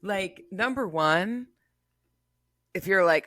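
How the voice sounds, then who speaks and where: A woman co-hosting a podcast in casual chat, chiming in with quick affirmations and then explaining at length. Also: mid-range voice, animated, sharp tone, dry recording, clean studio sound. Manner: conversational, quick affirmations, laughs along. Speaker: podcast co-host.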